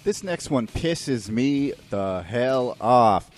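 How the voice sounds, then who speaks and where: Ranting New male host, very expressive pitch, swears freely, mocks with silly voices, light music bed. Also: extremely slow. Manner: profane, animated ranting with mocking put-on quotes. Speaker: podcast host. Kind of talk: ranting comedic monologue.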